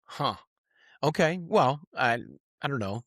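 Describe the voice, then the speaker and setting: A podcast host asking long, searching questions and reacting to the guest. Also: male voice, mid-range voice, expressive, slow, a bit bright, no echo, clean studio sound. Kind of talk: interview questions.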